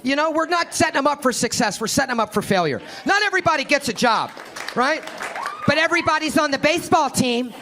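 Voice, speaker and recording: A man's voice: very high voice, animated, quick pace, sharp tone. A male stand-up comedian doing a brash, profane set and working the crowd. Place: comedy club stage. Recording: live club with crowd noise. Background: audience laughter and room noise.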